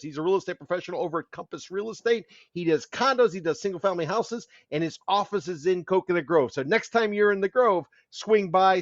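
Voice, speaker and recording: A man's voice: high-pitched, dry recording. Wry man podcast host, dry dull sound. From Miami. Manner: wry, fact-heavy storyteller. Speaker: podcast host, condo consultant. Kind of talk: casual podcast chat.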